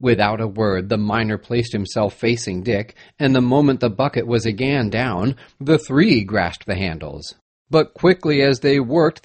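A man reading an adventure story aloud in an expressive, dramatic manner. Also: mid-range voice, husky, dry recording. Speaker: narrator. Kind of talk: storybook narration.

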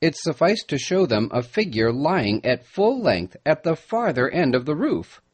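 A man narrating a storybook chapter in a measured storytelling voice. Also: on the high side, big pitch swings, husky. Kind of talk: audiobook narration.

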